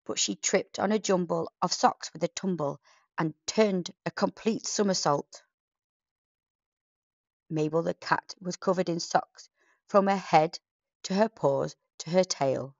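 Slow-reading woman storyteller. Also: on the low side, dry recording, dull audio. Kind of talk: rhyming bedtime story narration.

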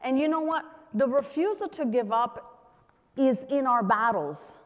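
Woman pastor, unhurried fervent sermon delivery, reverberant church hall. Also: sits high, animated. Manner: fervent preaching with shouted exclamations and acted-out pleas.

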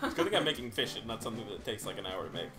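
A man playing a video game on camera, excitable, cursing at the game and shushing the others. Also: fairly low pitch, very fast, loud music behind the voice. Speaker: let's play player. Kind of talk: casual gameplay chat.

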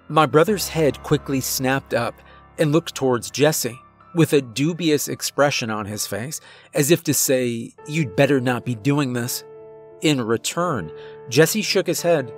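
A man reading a scripted first-person horror story in a measured, suspenseful way. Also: medium pitch.

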